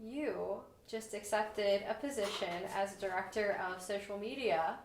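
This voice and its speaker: A woman's voice: mid-range voice, measured pace, a little hiss or hum. A woman chatting on a podcast in an upbeat, encouraging and playful way. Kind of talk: casual conversation. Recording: roomy echo.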